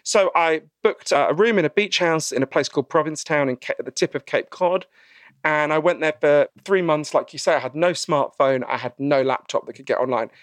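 A man's voice: a little high, brisk, no room sound. A man with a slightly raised speaking voice talks through his book in an interview. He tells his stories with energy and acts out the voices he quotes. The sound is dry and close, with no room around it. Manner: animated storyteller, acts out quoted voices, frequent "right?". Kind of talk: conversational interview.

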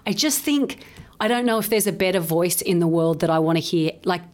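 An Australian woman, a comedian guest, chatting on a podcast. Her voice sits a little low, but she jumps up into high exclamations as she tells a story. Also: fairly quick. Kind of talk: casual podcast chat.

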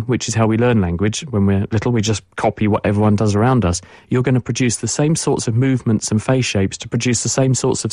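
A man's voice: lowish voice, darkish tone, dry recording. Man, science guest, fluent explainer, dry close sound. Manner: fluent, explanatory, repeats words for emphasis. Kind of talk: explaining on radio.

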